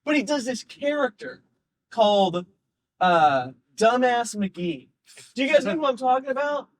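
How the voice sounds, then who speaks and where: A man, a comedian, telling an animated, rambling story in casual podcast chat, laughing often. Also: very high voice, unhurried, dry recording. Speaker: comedian guest.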